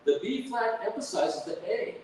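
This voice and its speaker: A man's voice: very high-pitched, expressive, moderate pace, a little mellow, a little hiss or hum. A man giving an academic lecture on music, breaking into sung da-da melodies to demonstrate his points. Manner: hums and sings melodies with da-da syllables. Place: lecture hall. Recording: echoey hall from far off.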